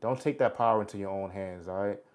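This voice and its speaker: A man's voice: fairly low pitch, fast talker, a little mellow. Forties male livestream host, blunt and preachy, casual street talk. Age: 40s. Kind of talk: casual live chat reading comments.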